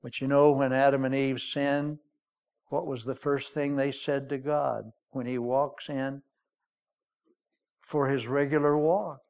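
A man's voice: mid-range voice, flat delivery, unhurried, a little mellow, clear, resonant tone. A man preaching a sermon, telling the story in a folksy, joking way.

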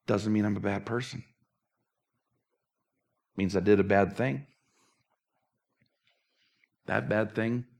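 A man preaching a sermon as pastor, earnest and candid, moving from animated talk to a hushed closing prayer. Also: medium pitch, vocal fry.

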